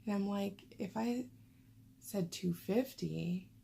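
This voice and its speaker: Rambling gravelly-voiced woman vlogger. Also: mid-range voice, takes it slowly, mellow. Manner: rambling, chatty, frequent fillers. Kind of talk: casual chat to camera.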